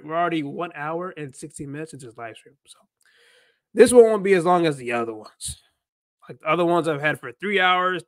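A man's voice: high-pitched, a bit bright. A man hosting a casual livestream about learning, rambling and thinking aloud as he talks. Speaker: livestream host and Spanish learner.

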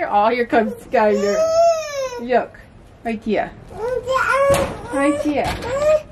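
A woman's voice: drawn-out words, long pauses, very noisy. A mother filming a casual family vlog at home on a small farm, talking to her kids and cooing at her goats. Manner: excitable, coos at her goats in a high sing-song.

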